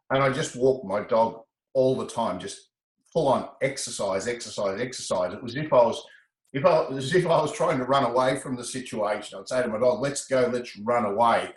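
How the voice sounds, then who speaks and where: A middle-aged man, a guest telling his story in a casual interview, animated and quick to laugh. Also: mid-range voice, roomy sound, low-quality recording. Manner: animated, breaks into laughter, repeats words.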